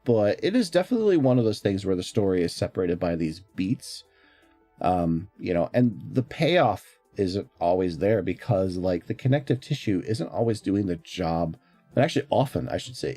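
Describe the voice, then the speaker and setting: A man's voice: on the low side, mellow, no echo. A man streaming in casual chat, rambling along with frequent fillers and restarts.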